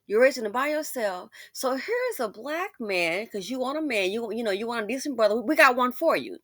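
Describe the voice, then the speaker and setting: A woman's voice: on the high side, big pitch swings, brisk, a bit bright, no room sound, clean studio sound. A woman hosting a casual commentary, talking straight to her listener in a sassy, outspoken way. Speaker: commentary channel host.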